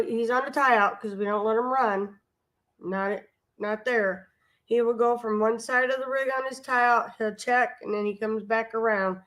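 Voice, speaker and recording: A woman hosting a live stream, chatting casually in a rambling, homespun way with many asides. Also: fairly high pitch. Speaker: vlogger and live stream host. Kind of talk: casual storytelling chat.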